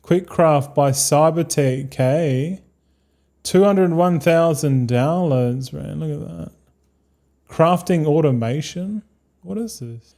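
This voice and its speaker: A fairly high-voiced Australian man talks to his stream viewers in a loose, rambling way. He swears freely and calls everyone "mate" and "boys", drifting from one thought to the next. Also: takes it slowly, gravelly, warm tone. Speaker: game streamer. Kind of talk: casual live-stream chat.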